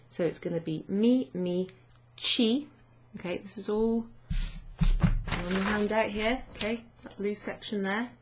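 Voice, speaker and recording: A woman language teacher explaining grammar to her students in an unhurried way, thinking aloud with many fillers. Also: mid-range voice, vocal fry, a little mellow.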